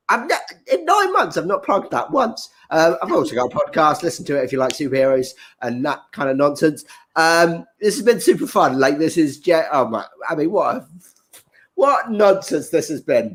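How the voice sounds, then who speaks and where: Rambling comedy host. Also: medium pitch. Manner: casual, rambling, many fillers. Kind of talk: casual show wrap-up.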